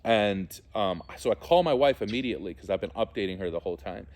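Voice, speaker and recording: A man, a theologian and musician, giving an earnest, heartfelt spiritual testimony and often pausing to search for words. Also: fairly low pitch, expressive, a little mellow.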